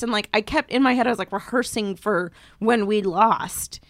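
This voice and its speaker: A woman co-hosting a podcast, telling a story in casual chat and acting out the people she quotes in higher voices. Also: a little fast, few pauses, no room sound, clean studio sound. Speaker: podcast co-host. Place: podcast studio.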